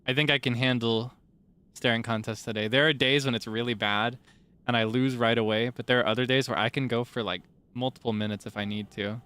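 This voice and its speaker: A man's voice: mid-range voice, fairly even intonation, brisk, sharp tone, clean tone. A man streaming live, chatting playfully with his viewers, teasing them and sharing bits of trivia. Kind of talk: casual livestream chat with viewers.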